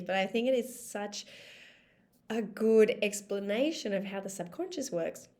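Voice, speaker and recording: A woman's voice: mid-range voice, normal speed, darkish tone. Chatty, emphatic woman life coach. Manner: chatty, emphatic, swears casually. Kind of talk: casual vlog monologue.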